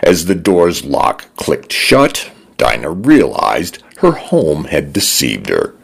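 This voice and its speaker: A man narrating radio stories in a measured, expressive reading. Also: very deep voice, creaky, slightly rough. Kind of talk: scripted narration.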